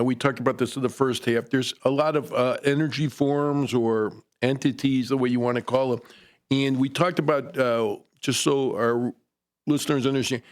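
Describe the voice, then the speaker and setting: A man hosting a radio talk show, explaining ideas to listeners in a measured way. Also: medium pitch. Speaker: radio host.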